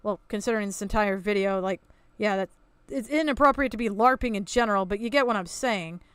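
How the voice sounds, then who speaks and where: On her reaction commentary channel, a woman rants sarcastically and with exasperation, cursing freely. Her mid-range voice is brisk and a bit bright, recorded cleanly with no echo.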